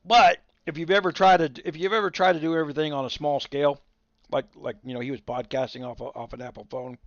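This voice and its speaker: Gravelly blunt man on a livestream. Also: a little high, steady tone, quick pace, dry recording. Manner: blunt, opinionated ranting. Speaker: livestream host. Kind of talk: casual livestream chat answering viewers. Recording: dull lo-fi dry sound.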